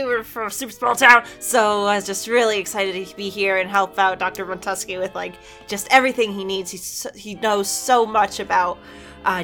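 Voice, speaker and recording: A woman's voice: mid-range voice, a bit bright, lightly acted. An eager young astronomy intern, played by a woman, bubbly and stumbling over his words. Faint music plays underneath. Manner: bubbly, stammering.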